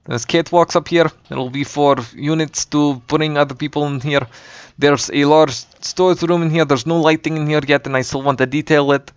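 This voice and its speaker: A man talks through a map he is building in a put-on Russian accent, full of ums and dropped words. His voice is smooth and mid-pitched. The recording is dull and lo-fi, with a dry, close sound. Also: fairly even intonation, moderate pace, no room sound. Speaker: map maker. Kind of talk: casual game map walkthrough.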